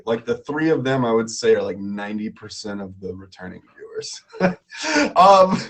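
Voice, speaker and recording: A man hosting a live stream quiz in a playful way, laughing often and repeating himself. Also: a little high.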